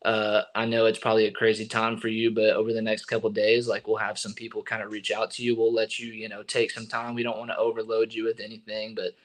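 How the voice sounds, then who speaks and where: A young man in his twenties, a baseball pitcher telling his story as a guest in a casual, rambling way, full of fillers. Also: completely flat delivery, quick pace, few pauses, poor audio.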